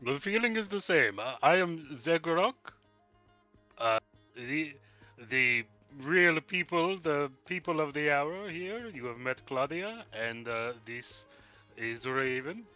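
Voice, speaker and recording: A man's voice: a little high, expressive, slow pace, bright, forceful tone, soft background music, exaggerated voice. A man voicing a friendly adventurer, polite and upbeat, on a dull lo-fi mic. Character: friendly adventurer introducing his party.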